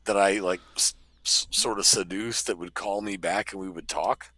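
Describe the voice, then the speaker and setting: A man hosting a live prank call show, bantering loudly and stammering for laughs. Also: deep voice, steady tone, moderate pace, no room sound. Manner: loud, joking, stammers for comic effect. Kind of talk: casual banter.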